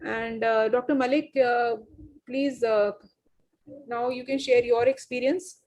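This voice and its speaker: A woman with a high, light voice talks through her surgery footage step by step for an online conference. She explains carefully and often pauses on small fillers as she goes. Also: steady tone, darkish tone, a little hiss or hum. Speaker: surgeon presenting a surgical video.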